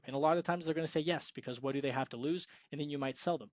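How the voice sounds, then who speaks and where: A man's voice: on the high side, very fast, no echo, muffled recording. A young man giving an upbeat, salesy screen-share tutorial on freelance web design, sometimes acting out sample sales calls. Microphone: screen-recording mic.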